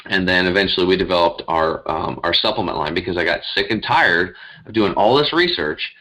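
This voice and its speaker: A man, a guest on an interview show, telling his story casually in a rambling, animated way. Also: deep voice, brisk, poor audio. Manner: animated, rambling, emphatic retelling. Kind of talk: conversational storytelling.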